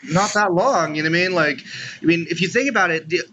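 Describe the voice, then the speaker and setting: A man's voice: high-pitched, fast talker, pushed and bright, muffled recording. A man co-hosting a podcast in casual chat, rambling with lots of "you know" and "like". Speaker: podcast co-host.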